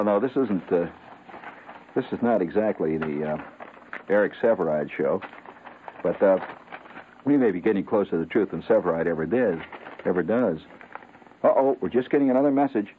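A man hosting a late-night comic radio show, rambling and halting with lots of fillers and chuckles. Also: low-pitched, a little hiss or hum. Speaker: radio host. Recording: tinny lo-fi radio broadcast.

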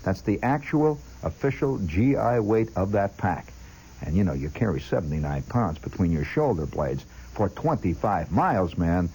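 A man with a low, husky voice tells a rambling personal story as a monologue. His pitch swoops up and down expressively, and he talks straight to the listener. He mimics clinks and other sounds with his voice as he goes. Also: big pitch swings, moderate pace, warm tone, rough recording. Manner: chatty, addresses the listener directly.

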